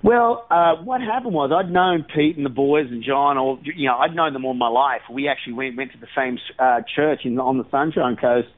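A man's voice: medium pitch, moderate pace, few pauses. An Australian man talking as a band drummer in a casual interview, rambling and chatty, laughing easily. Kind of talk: casual interview over the phone. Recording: tinny phone line.

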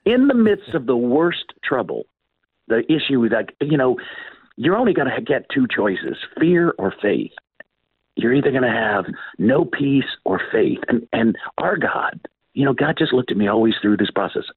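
A man's voice: medium pitch, big pitch swings, moderate pace, slightly rough, dry recording. An older man guest, telling stories in an interview and acting out the voices of the people in them. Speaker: author and guest. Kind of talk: animated storytelling in an interview. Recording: tinny phone-like line.

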